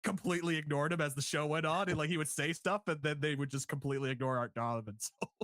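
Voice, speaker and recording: A man co-hosting a casual podcast review, laughing often and acting out quotes in higher voices. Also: fairly even intonation, quick pace, a bit bright, dry recording, studio quality. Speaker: podcast co-host.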